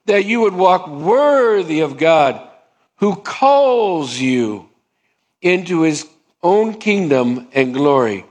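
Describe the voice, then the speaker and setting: A man's voice: on the high side, a little mellow. A male pastor preaching a sermon in a conversational way, acting out both sides of little dialogues.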